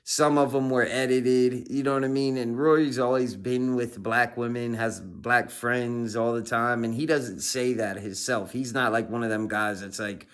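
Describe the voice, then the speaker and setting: A man's voice: mid-range voice, steady tone, moderate pace, hardly any pauses, a bit bright. A man hosting a casual reaction stream, laid-back, full of fillers. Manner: laid-back, lots of fillers like "you know what I mean".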